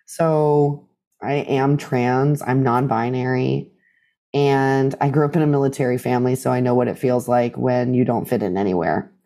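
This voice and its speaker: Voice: mid-range voice, normal speed. A guest in a casual interview, telling stories animatedly and acting out the voices of others. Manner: animated storyteller who acts out quoted voices.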